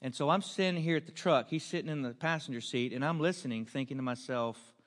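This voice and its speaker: A man's voice: mid-range voice, fast talker. Man preaching in a reverberant hall. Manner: earnest, builds to emphatic questions. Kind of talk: storytelling sermon.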